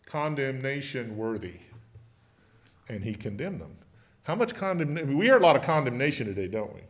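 Man leading a Bible study, mid-pitched, chatty, keeps questioning the group. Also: big pitch swings, a little fast. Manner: asks the group many questions. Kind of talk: conversational Bible teaching.

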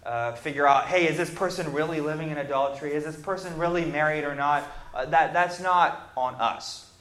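A man's voice: mid-range voice, fairly bright tone. Emphatic preacher man in an echoey room. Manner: reads scripture then explains, rising emphatic lists, some hesitant fillers. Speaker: preacher teaching on repentance. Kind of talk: Bible class sermon.

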